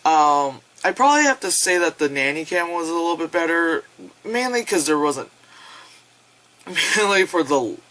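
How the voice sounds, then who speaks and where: A woman's voice: on the low side, big pitch swings, normal speed, fairly bright tone, poor audio. A young woman giving a loose, rambling film review at home, full of fillers and swearing, acting out characters' lines. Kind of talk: casual spoken review. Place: home, late at night.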